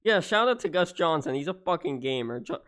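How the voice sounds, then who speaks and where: A man's voice: on the high side, expressive, a little fast, fairly bright tone. A man hosting a casual livestream podcast, joking and reading out viewer comments in a laid-back way. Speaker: podcast host reading chat.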